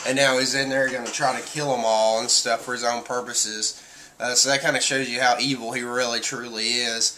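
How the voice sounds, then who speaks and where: A man's voice: mid-range voice, pushed and bright. A man casually reviewing a manga chapter, rambling through the story with many fillers and acting out quotes.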